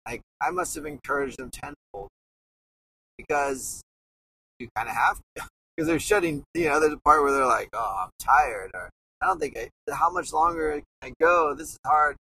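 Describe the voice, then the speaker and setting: A man's voice: a little high, expressive, normal speed, bright, forceful tone, recorded from a distance, slight background noise, rough recording. A man in his thirties hosting a podcast, talking earnestly and rambling in a casual, reflective monologue. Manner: earnest, rambling, with many restarts. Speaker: podcast host.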